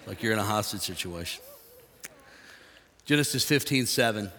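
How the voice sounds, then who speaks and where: An older man preaching a sermon, folksy and jokey, swinging from hushed asides to shouting. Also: on the low side, animated, normal speed, in a large hall, a little hiss or hum. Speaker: pastor.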